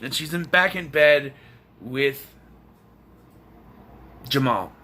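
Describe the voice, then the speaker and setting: A man's voice: medium pitch, expressive, slow pace, bright, forceful tone. A young man reviewing a film in a casual video, talking in an exasperated, sarcastic rant. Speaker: movie reviewer.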